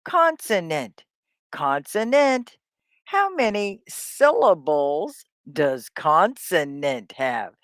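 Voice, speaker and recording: A woman teaching an English lesson on a live stream, drilling words slowly and cheering on her students. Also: lowish voice, very animated, no echo, clean studio sound. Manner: slow, drawn-out word drills; upbeat, encouraging. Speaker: ESL teacher.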